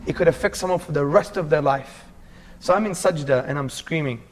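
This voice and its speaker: A man's voice: on the high side, a little fast, slight background noise. A man in his forties from England, earnestly telling his life story as a guest in a casual interview and calling the host bro.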